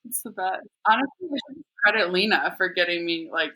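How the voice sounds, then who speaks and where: A woman's voice: lowish voice, lively intonation, fairly quick, pushed and bright. A woman guest on a podcast, chatting casually and laughing often, with a lot of "like" in her speech. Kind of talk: casual chat.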